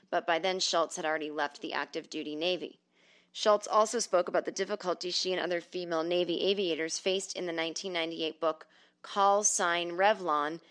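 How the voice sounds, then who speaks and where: A middle-aged woman talks through her solo comedy podcast from home, her voice sitting a little low for a woman. She reads out stories and listener mail, then breaks in with sarcastic, profane comments. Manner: profane, sarcastic, animated storytelling.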